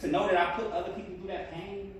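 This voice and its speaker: Casting: high-pitched man, earnest motivational speaker with speech, addressing a classroom from a distance in a very echoey room. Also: little pitch movement, fast, a little hiss or hum. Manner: earnest, preachy, rising to emphatic peaks.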